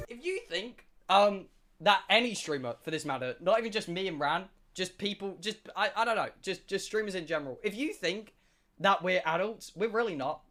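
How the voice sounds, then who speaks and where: A man's voice: sits high, lively intonation, moderate pace, sharp tone. A man streaming, telling a comic story to his chat, swearing and exaggerating. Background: music.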